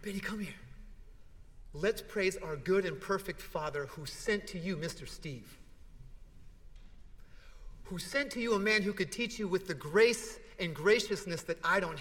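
A man acting out a gruff, gritty middle-aged father, agitated one moment and pleading the next, recorded in an echoey church hall. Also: high-pitched, lively intonation, moderate pace, a bit bright, voice pushed up. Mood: earnest.

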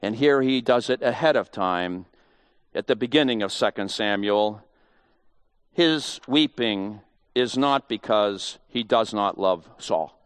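A man's voice: lowish voice, slow pace, clear, resonant tone, no echo. A man giving a conversational Bible teaching, emphatic and full of rhetorical questions.

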